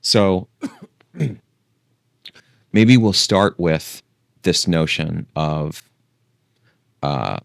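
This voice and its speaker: Deep-voiced man musing aloud. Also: lively intonation, very slow, creaky, pauses often, dry recording, clean studio sound. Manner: meandering, thinks aloud, loses his thread. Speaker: host. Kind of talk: casual long-form monologue.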